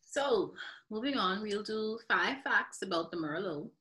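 An animated woman co-hosts a casual podcast, reading trivia aloud and reacting with excited exclamations. Her voice swings widely in pitch and has a bright, crisp edge. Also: a little slow, low-quality recording. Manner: animated, exclaims and laughs easily. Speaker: podcast co-host. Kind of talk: reading wine facts and casual chat.

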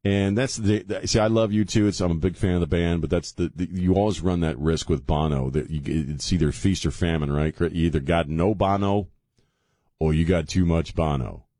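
A man's voice: sits low, moderate pace, warm tone, no room sound. A man hosting a talk radio show from a studio, joking and sarcastic in a rambling, casual way. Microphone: studio microphone.

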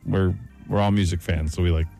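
A middle-aged man hosting a radio show, chatting casually with co-hosts, jokey and quick to laugh. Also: low-pitched, faint music behind. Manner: animated, laughs often, jokey. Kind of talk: casual chat.

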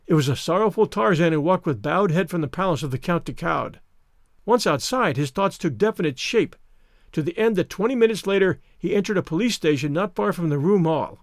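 A man narrating an audiobook in a steady, even storytelling manner. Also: high-pitched, dry recording, studio quality. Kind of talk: scripted narration.

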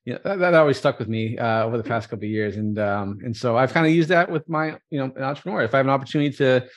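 A male entrepreneur chatting as a podcast guest, talking quickly and packing his sentences with fillers. His pitch sits in the middle range. He keeps an easy, unhurried manner even at speed. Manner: rapid, filler-heavy, relaxed. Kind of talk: casual interview talk.

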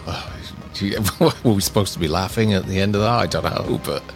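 A man co-hosting a casual film review chat, relaxed and hesitant with frequent ums. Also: low-pitched, fairly quick. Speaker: podcast co-host. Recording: faint synth music behind.

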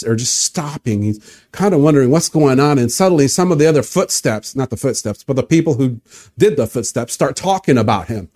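Male pastor, sermon storyteller, lively pitch, middle voice. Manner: animated, vivid retelling, inviting listeners to imagine.

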